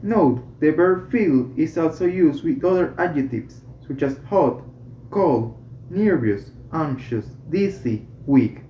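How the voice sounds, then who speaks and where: A student slowly reading a medical English textbook aloud, correcting small slips along the way. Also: mid-range voice, lively intonation, a little hiss or hum. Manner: slow, careful reading with self-corrections. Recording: roomy, slightly dull home recording.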